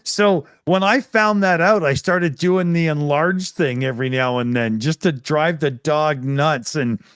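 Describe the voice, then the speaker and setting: Slow-talking man with wry asides. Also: fairly high pitch, fairly bright tone, clean tone, dry recording, studio quality. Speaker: host. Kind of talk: casual chat.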